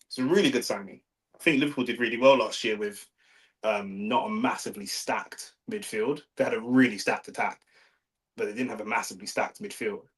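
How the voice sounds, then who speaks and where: In a rough recording, a young London man with a lowish, fairly bright voice hosts a live fight watch-along stream. He chats casually with slang, stays laid-back, swears, and reads chat messages aloud.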